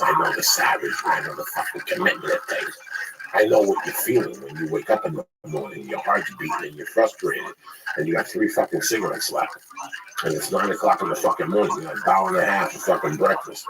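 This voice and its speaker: A man's voice: low voice, expressive, moderate pace, distant mic. A man in casual profane chat, telling blunt stories with acted quotes about hustling. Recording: noisy recording.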